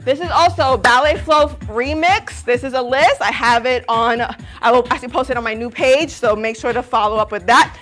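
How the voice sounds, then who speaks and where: A high-voiced woman leads a live workout, cheering her viewers on and counting down reps. She sounds a little out of breath, with quiet music playing behind her. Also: normal speed. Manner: upbeat, encouraging, counting reps. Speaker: fitness instructor.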